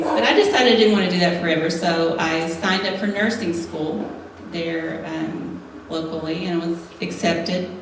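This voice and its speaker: A woman's voice: fairly low pitch, heavy background noise. A middle-aged woman giving a humorous personal testimony to a church audience, laughing often as she tells her story. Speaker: speaker at a women's church gathering. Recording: echoey hall, mic at a distance.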